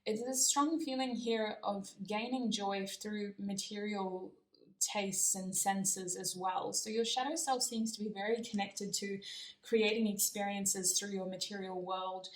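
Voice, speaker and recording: A woman's voice: mid-range voice, steady tone, a little slow, recorded from a distance. Woman tarot reader, casual and rambling, roomy echo, a bit off-mic. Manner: rambling and self-correcting, with soft laughs. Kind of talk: casual spoken tarot reading.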